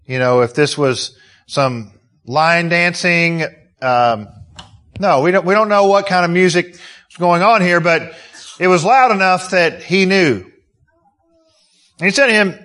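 A man's voice: sits high, a little slow, pauses often, a bit bright. A man preaching a sermon, emotional and full of rhetorical questions. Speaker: pastor.

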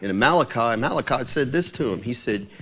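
A man's voice: medium pitch, lively intonation, a little fast, a bit bright, a little hiss or hum. A man preaching in a conversational Bible-teaching style, explaining verse by verse, asking his listeners questions and chuckling now and then.

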